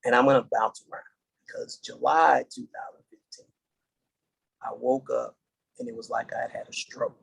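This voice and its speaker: A middle-aged man from the United States, a podcast guest, telling his story in an earnest, halting way and restarting dates as he goes. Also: medium pitch, huge pitch swings, gravelly, breathy edge, rough recording. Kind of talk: casual interview storytelling.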